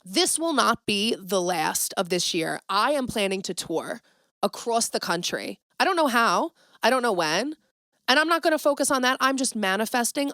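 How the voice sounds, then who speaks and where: A woman hosting a casual solo podcast, talking dramatically and swinging from loud exclamations to hushed asides. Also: mid-range voice, creaky, no echo, clean studio sound. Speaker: podcast host.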